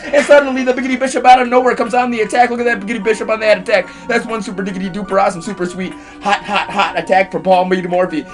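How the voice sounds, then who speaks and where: A man's voice: high-pitched, fast, hardly any pauses, over music. A man doing comic chess commentary in a sing-song rap style, stuffing his lines with rhyming nonsense words. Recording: hip hop beat playing behind the voice.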